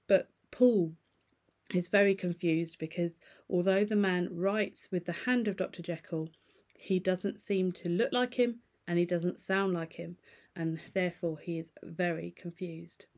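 A woman reading a classic novel aloud, pausing to explain passages plainly. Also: lowish voice, fairly even intonation, darkish tone. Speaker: reader and explainer.

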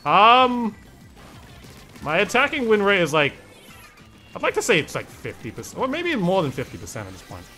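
A man's voice: sits high, huge pitch swings, normal speed, pauses often, bright, forceful tone, faint music behind. A young man streaming a video game, chatting casually, reading and answering chat and laughing often.

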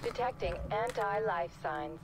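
A woman voicing the calm female computer voice of a video game, with flat, clipped announcements. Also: mid-range voice, unhurried, background noise, natural voice. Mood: matter-of-fact.

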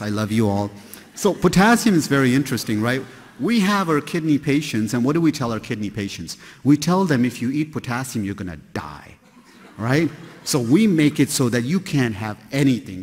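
A male nephrologist lectures a roomful of people in a chatty, joking way, often asking rhetorical questions. His voice is husky, mid-pitched, and rings with the long reverb of a big lecture hall. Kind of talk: conference lecture to a live audience. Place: large hall with an audience.

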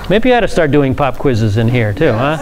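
A man's voice: mid-range voice, very animated, fairly quick, a crowd in the background. A pastor leading a Bible study, explaining scripture to a class in a conversational teaching manner with asides to his listeners.

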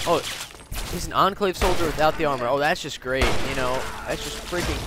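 A young man commenting on a video game into a headset mic at home, excitable and profane, sometimes bursting into yells. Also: mid-range voice, quick pace, over music. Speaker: gaming commentator. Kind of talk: let's play commentary.

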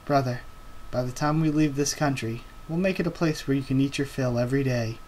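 A man's voice: mid-range voice, fairly quick, darkish tone, a little hiss or hum, close to an everyday voice, rough recording. A man reading out a brash young pirate captain. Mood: bold.

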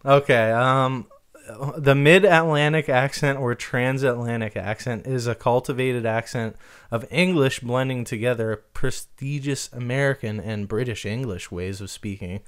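A man's voice: mid-range voice, steady tone, unhurried, clear, resonant tone. Rambling, laughing male podcast co-host. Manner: rambling, lots of fillers, laughs often. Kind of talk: casual chat.

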